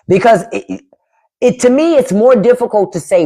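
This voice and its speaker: A woman hosting a casual livestream chat with viewers, animated, laughing often and mimicking family speech. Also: medium pitch, unhurried. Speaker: podcast host on a livestream.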